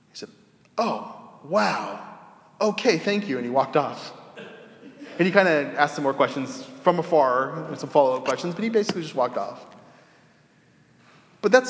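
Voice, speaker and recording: A man preaching a sermon as pastor, telling stories in a relaxed, conversational way and acting out the people he quotes. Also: a little high, slight background noise. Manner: conversational storytelling, acts out quoted voices. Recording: roomy echo with long reverb.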